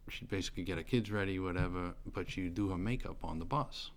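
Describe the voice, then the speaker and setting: Speaking quickly in a deep voice, this middle-aged man recounts how he was sentenced. It comes out as loose, casual testimony, packed with fillers and false starts, over faint background noise.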